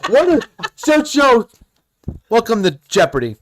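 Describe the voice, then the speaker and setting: A man's voice: very high voice, unhurried. A young man co-hosting a casual podcast, animatedly telling a work story between laughs and acting out the people in it. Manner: animated, laughing, acts out quotes in voices. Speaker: podcast co-host.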